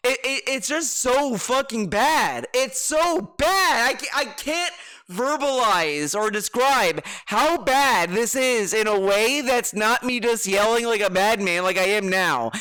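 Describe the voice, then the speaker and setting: A man's voice: extremely high pitch, pushed and bright, clean tone. A man streaming his reaction to videos, ranting with heated, profane sarcasm. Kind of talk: ranting commentary.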